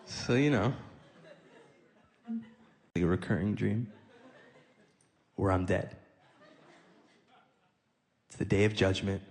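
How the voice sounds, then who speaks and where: In a large hall, a man with a lowish, creaky, darkish voice performs stand-up, taking it slowly with long pauses. He tells his stories conversationally and acts out both sides of the dialogue, and the live audience laughs.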